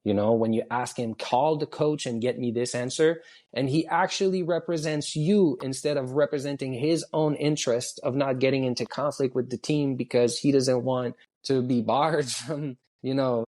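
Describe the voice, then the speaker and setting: A man's voice: mid-range voice, moderate pace, few pauses, a little mellow. A man from Canada, a former junior hockey player, giving earnest advice in a casual interview chat, often repeating his key points.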